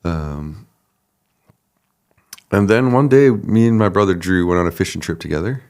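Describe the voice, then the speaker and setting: Deep gravelly-voiced male pastor storyteller. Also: normal speed. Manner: relaxed, laughs often, acts out quoted people. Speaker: associate pastor, guest. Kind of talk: conversational storytelling.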